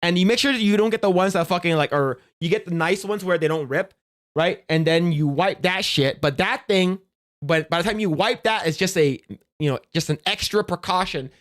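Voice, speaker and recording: A man's voice: high-pitched, a little fast, a bit bright. Crude, rambling male streamer. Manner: crude, profane, rambling with restarts; jokey instructional tone. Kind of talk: casual live-stream chat.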